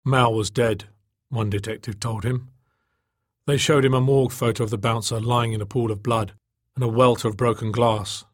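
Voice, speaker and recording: A male audiobook narrator reading in a steady, measured way. His voice is husky, in a middle pitch, recorded close and dry with no room sound. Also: no echo. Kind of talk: scripted narration.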